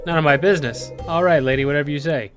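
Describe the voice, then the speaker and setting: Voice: medium pitch, quick pace, soft background music, natural voice. A player reading as a curt sardonic detective. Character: gruff, blunt ex-cop detective, man. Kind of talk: let's play character reading.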